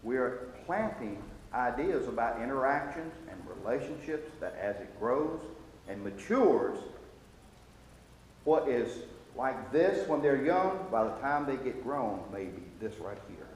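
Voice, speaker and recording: A man's sing-song voice, ordinary in pitch for a man, carries a Sunday school lesson through a big reverberant church hall, a faint hiss underneath. Earnest and halting, he stumbles and restarts before pressing his point, becoming emphatic whenever he quotes.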